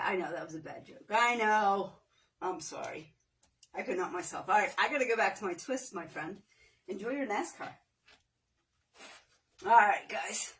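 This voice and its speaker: A woman's voice: medium pitch, recorded from a distance. A woman hosting a live workout, chatting and joking with viewers while counting reps aloud and working through the exercises. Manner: breaks into playful off-key singing. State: exercising, at times strained. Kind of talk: casual livestream workout chat.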